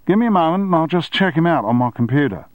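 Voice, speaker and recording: A man's voice: a little high, animated, fast talker, no room sound, highs cut off, pitched above the performer's own voice, lightly acted. A man doing an eager Australian editor. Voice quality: slightly breathless, obliging. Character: Australian male features editor, eager to please.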